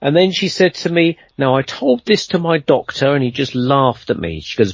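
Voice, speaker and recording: A man's voice: mid-range voice, very animated, moderate pace, no echo, muffled recording. A man telling a long anecdote in a casual interview, rambling and conversational, with lots of fillers and restarts. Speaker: guest storyteller.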